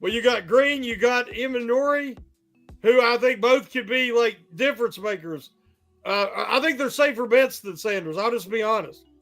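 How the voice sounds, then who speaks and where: Guy with a really high voice, hesitant guest on a sports podcast, lots of ums, faint music behind. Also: normal speed, a bit bright. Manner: hesitant, full of fillers. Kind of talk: casual sports chat.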